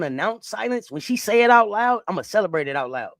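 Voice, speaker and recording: Fast and sing-song, this mid-range female voice comes through a dry recording. She's hosting a sports stream, swearing heavily and repeating phrases as she rants to her viewers, calling out to them again and again.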